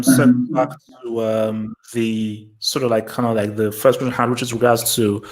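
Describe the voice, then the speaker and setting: A man's voice: medium pitch, low-quality recording. Rambling man hosting a panel. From Nigeria. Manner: rambling, full of fillers, animated and laughing. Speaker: host of a live panel. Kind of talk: casual panel discussion.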